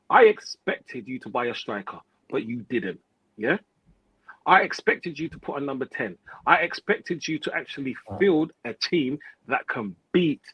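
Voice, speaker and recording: Ranting man, husky and profane. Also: mid-range voice, no room sound, muffled recording. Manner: profane, rapid, repetitive street slang. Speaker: football pundit host. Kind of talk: heated fan rant.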